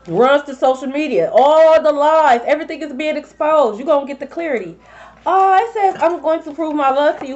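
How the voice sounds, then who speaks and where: High-voiced, blunt tarot reader, woman. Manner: blunt, profane and animated, talking straight to viewers. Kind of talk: casual tarot reading for viewers. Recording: slightly dull lo-fi sound.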